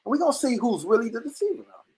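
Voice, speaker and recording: A livestream host giving blunt, profane, combative commentary that keeps restarting and rises into near-shouts. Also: mid-range voice, sing-song, rapid-fire, breathy edge, rough recording. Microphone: computer or phone mic on a live stream.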